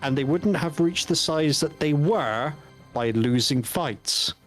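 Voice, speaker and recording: A man co-hosting a painting stream in casual chat, wry and rambling, with plenty of swearing. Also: mid-range voice. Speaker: stream co-host, hobby painter.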